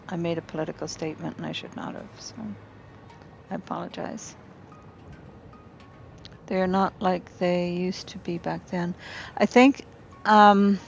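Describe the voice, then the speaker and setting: A woman's voice: fairly low pitch, lo-fi sound, slight background noise. A woman streaming a game from her apartment, chatting casually with viewers and thinking aloud as she builds. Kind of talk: casual gameplay chat with viewers. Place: home apartment.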